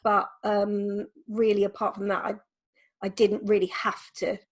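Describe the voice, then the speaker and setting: A woman's voice: mid-range voice, level tone, unhurried, slightly rough. Hesitant woman answering questions. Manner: thoughtful, hesitant, with ums and repeats. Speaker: photographer, interview guest. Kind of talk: casual conversational interview.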